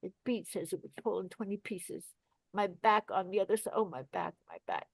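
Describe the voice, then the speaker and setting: A woman's voice: mid-range voice, normal speed, a little mellow, dry recording, natural voice. A woman reading the part of an old, chattering female nurse, rambling and complaining with big swings in volume, in a Shakespeare play reading.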